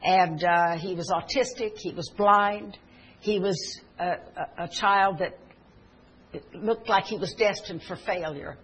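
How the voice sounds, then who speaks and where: Woman preacher, husky tone, earnest storytelling sermon with emphatic peaks. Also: lowish voice, takes it slowly, rough recording. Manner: earnest, swelling to emphatic exhortation. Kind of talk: sermon with personal stories.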